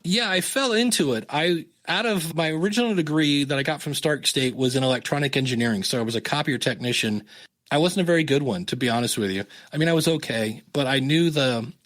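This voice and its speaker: A man's voice: on the high side, fairly quick. A man in his fifties, a podcast guest telling stories in a casual interview, acting out the people he quotes. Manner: animated, acts out quoted dialogue.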